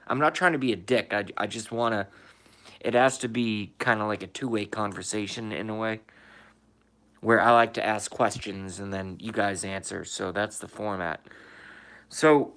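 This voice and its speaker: A man with a somewhat low voice talks on a casual livestream from his room. He reads viewers' comments aloud and answers them. He swears freely and leans on emphatic rhetorical questions. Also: fairly even intonation, normal speed, fairly bright tone. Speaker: livestream host reading chat.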